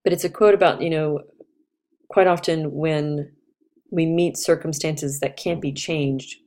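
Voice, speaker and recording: A woman's voice: low voice, fairly even intonation, measured pace, darkish tone. A woman astrologer giving a casual, chatty talk, reflective and loose, with fillers and restarts.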